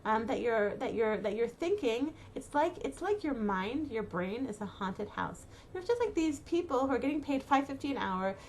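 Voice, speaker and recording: A middle-aged woman talks casually and warmly through her advice, her voice sitting a little high. She circles through fillers and restarts, then swings into dramatic little acted-out thoughts. A faint hum of room noise sits behind her. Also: animated, normal speed, few pauses. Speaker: inspirational speaker to mothers. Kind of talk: casual spoken advice talk.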